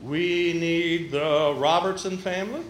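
A man's voice: on the high side, slow pace, a little hiss or hum. A man preaching a sermon, folksy and conversational, with a church's roomy echo. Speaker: pastor. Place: church sanctuary.

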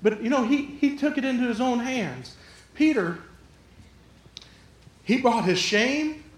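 A man preaching a sermon, lively and jokey, acting out the people in the story. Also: extremely high pitch, a little slow, echoey room. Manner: lively, jokey, acts out the quotes. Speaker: pastor.

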